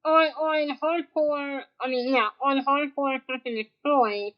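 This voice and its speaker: A woman's voice: high-pitched, unhurried. A deaf woman guest, speaking with a deaf accent, chatting casually and acting out what people say to her. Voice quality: deaf speech, uses hearing aid. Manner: animated, laughs often, acts out quotes. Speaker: guest streamer. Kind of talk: casual chat. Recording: dull lo-fi sound.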